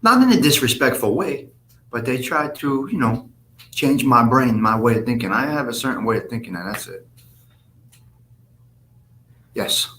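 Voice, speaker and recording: A man talks straight to his viewers on a live stream. He rambles in a blunt, profane street manner at an ordinary mid pitch. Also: lively intonation, normal speed, pauses often, bright, forceful tone, a little hiss or hum. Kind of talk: casual live-stream chat reading comments.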